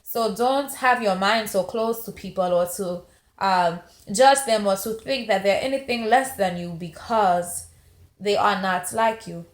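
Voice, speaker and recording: A woman from Montgomery, Alabama, United States reviews a film in a casual vlog, playfully using a strong put-on accent and stretching phrases for emphasis. Her mid-range voice is a little slow, and the sound is roomy.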